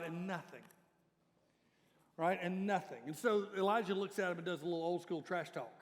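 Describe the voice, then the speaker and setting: High-voiced pastor preaching in a reverberant hall. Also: male voice, expressive, a little fast. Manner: conversational preaching, direct appeals to the congregation. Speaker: lead pastor. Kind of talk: sermon.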